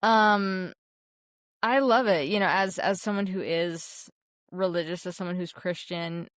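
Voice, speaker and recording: Heartfelt woman, low for her sex. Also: measured pace, no room sound, studio quality. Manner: heartfelt, emotional, many restarts. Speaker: podcast co-host. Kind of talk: casual film chat.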